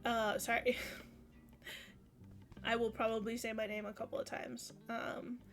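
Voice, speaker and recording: A woman streamer on an esports channel tells a personal story casually, slowly and unhurriedly, acting out the quotes as she goes. Her voice is on the high side with a level tone, over soft background music.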